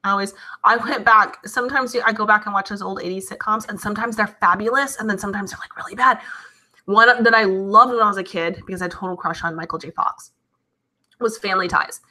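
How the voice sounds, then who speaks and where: Female host, 30s, bright voice, casual live-chat reader, giggly and emotional. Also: medium pitch, steady tone, fast talker. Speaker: livestream host reading chat.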